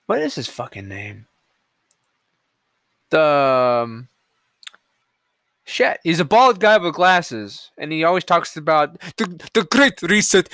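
A man rants alone on his podcast, reading headlines and firing back at them with heavy swearing. His voice sits fairly high for a man and swings widely in pitch, jumping from loud outbursts to low mutters. The sound is dry and close, with no room around it. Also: big pitch swings, measured pace, long pauses, no echo. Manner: profane, combative ranting. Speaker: podcast host. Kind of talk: solo political rant reading headlines.

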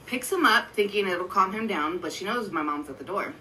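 A woman's voice: mid-range voice, expressive, a little fast, sharp tone, slight background noise, rough recording. A woman in her thirties, co-hosting a podcast, telling a long story in casual, profane chat. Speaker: podcast co-host.

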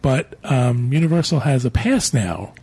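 A man's voice: mid-range voice, animated, a little slow, a little mellow, slightly rough. A man co-hosting a podcast, reading listener email aloud in a casual, joking way. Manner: joking, laughs often. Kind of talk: casual chat.

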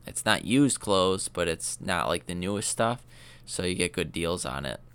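Brief: young male podcast host, low voice, smooth and resonant, rambling and profane. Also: expressive, normal speed, fairly bright tone. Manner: loose, profane, filler-heavy talk. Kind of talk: casual rambling storytelling.

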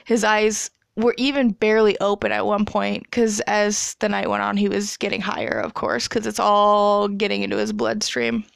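A woman's voice: medium pitch, normal speed, gravelly, few pauses, no room sound, clean studio sound. A woman in her twenties casually telling a story, chatty and profane, laughing as she goes. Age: 20s.

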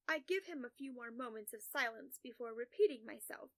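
A woman narrating a first-person story in a calm, measured, soft-spoken way. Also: a little high, dry recording.

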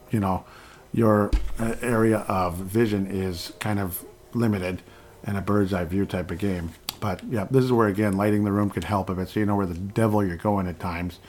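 A man with a slightly low voice, giving casual let's-play commentary into a desk mic. He rambles, makes asides and pokes fun at himself as he plays. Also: darkish tone. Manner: rambling and self-deprecating, with frequent laughs and asides. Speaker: gameplay commentator.

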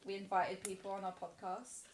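A woman chatting on a podcast in a relaxed, slightly hesitant way. Her voice has a roomy echo, and steady noise sits behind it. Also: medium pitch, brisk. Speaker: podcast co-host. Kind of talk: casual podcast banter. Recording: roomy with noticeable background noise.

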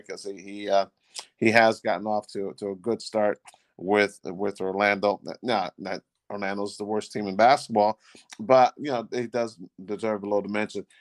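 A man co-hosting a podcast, talking casually about basketball in a rambling, halting way with many restarts. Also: on the low side, vocal fry, no room sound. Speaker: podcast co-host. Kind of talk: casual sports chat.

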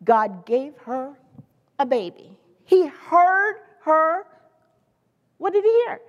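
A woman preaching a sermon in a lively, conversational way, with playful asides to the congregation. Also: high-pitched, slow, in a large hall, lo-fi sound.

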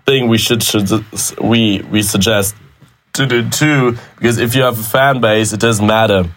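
Casual man with a lowish voice. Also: steady tone, moderate pace, fairly bright tone. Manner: loose, repetitive restarts and swearing. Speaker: podcast co-host. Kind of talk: casual chat.

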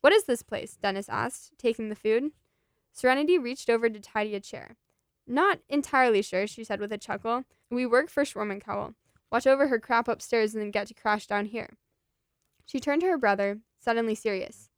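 Woman w/ a smooth higher voice reading a story out loud, dry close mic. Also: moderate pace, no echo. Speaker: podcast co-host reading a collaborative story. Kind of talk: casual read-aloud storytelling.

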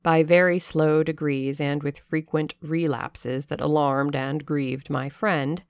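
Woman audiobook narrator, low register, close dry mic, expressive dramatic reading. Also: slow, smooth, no echo. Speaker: audiobook reader. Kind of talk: classic novel narration.

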